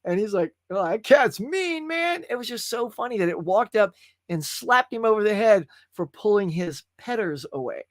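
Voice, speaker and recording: A man from California hosts a casual live stream, chatting loosely, laughing, and reading viewer comments out loud. His voice sits high and moves at a normal speed. The recording is dry, with clean studio sound.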